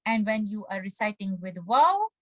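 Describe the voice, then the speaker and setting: A woman's voice: medium pitch, big pitch swings, moderate pace, dry recording, poor audio. A woman teaching Quran recitation rules in a patient, methodical lesson, breaking words down syllable by syllable. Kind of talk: step-by-step tajweed lesson with recited examples.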